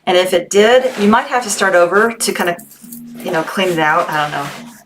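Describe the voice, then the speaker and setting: A woman's voice: fairly low pitch, expressive, normal speed, a bit bright, faint music behind. A woman hosting a casual livestream, chatting with viewers and reading their comments aloud. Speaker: livestream seller host. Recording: noisy livestream audio.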